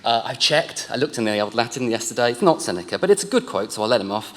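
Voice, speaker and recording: A man's voice: mid-range voice, lively intonation, fast talker, fairly bright tone. Jokey man speaking in a reverberant hall. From England. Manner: chatty, jokey, rambling with restarts. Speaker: honorary graduate giving acceptance speech. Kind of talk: emotional, self-deprecating acceptance speech. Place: large ceremony hall.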